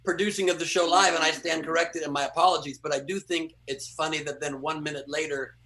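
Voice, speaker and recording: Male co-host, higher and bright voice, teasing deadpan banter. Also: fast. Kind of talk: casual banter.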